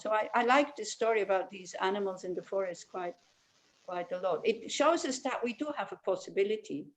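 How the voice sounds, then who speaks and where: A woman's voice: mid-range voice, rough recording. Woman teaching a meditation class online. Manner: warm storytelling, many "you know" fillers. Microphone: video call.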